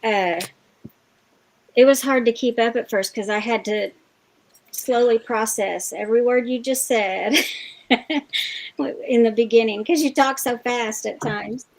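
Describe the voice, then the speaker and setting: Slow, unhurried woman in a chat. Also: a little high. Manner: unhurried, thoughtful, many fillers. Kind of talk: casual group video chat.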